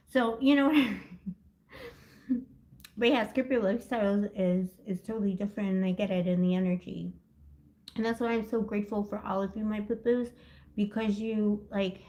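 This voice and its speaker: A woman's voice: medium pitch, darkish tone. A woman hosting a live tarot stream, chatting casually and rambling from topic to topic with lots of "like" and "you know," often laughing. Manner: rambling and giggly, jumps between topics; heavy use of "like" and "you know". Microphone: built-in device mic, no separate mic.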